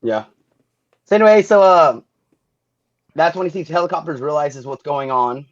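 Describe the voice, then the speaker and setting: A man's voice: fairly high pitch, animated, normal speed, muffled recording. A man co-hosting a podcast, joking around in crude casual banter about a film. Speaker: podcast co-host. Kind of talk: casual chat.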